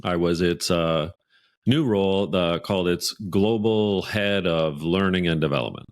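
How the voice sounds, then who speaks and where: A Canadian man, a podcast guest, telling a workplace anecdote in a lively, animated way. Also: sits low, unhurried. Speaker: guest author. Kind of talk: podcast storytelling.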